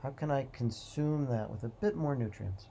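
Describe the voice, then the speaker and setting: A man hosting a motivational talk, speaking in a calm, reflective way with slow, repeated phrases. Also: mid-range voice, gravelly, a little hiss or hum. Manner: calm, repetitive, drawn-out phrasing. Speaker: host.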